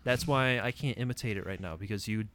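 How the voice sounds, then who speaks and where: A man's voice: on the low side, fast, a bit bright, slight background noise. A man rambling and telling stories in a casual chat, often correcting himself. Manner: rambling, storytelling, self-correcting.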